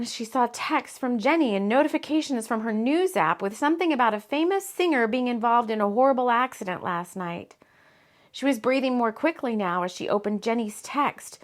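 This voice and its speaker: Woman reading her novel aloud. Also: on the high side. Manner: expressive, dramatic reading. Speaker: author and audiobook reader. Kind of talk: audiobook narration.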